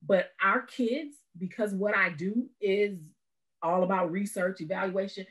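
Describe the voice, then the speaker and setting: A woman's voice: mid-range voice, fairly even intonation, measured pace, a bit bright, low-quality recording. A woman speaking as an educator on a panel discussion, earnest and emphatic.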